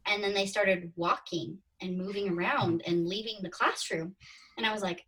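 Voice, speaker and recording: Husky woman in her 30s telling her story on a podcast, chatty, mic a bit far off. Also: medium pitch, steady tone, moderate pace, a bit bright. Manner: chatty, acts out her own past thoughts in quotes. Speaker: podcast guest. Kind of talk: casual interview storytelling. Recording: distant from the mic.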